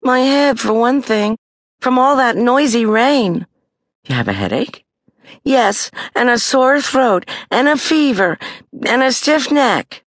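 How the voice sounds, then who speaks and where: A woman's voice: on the high side, sing-song, slow pace, no echo, clean studio sound, voice pushed up. A woman doing whiny dramatic schoolgirl. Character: girl who fakes being sick. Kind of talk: audiobook character voice.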